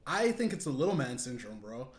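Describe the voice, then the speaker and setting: A male podcast host rambles in casual chat, swearing and laughing often. His mid-range voice moves briskly with big pitch swings, recorded in an echoey room with faint background noise and a loud crowd.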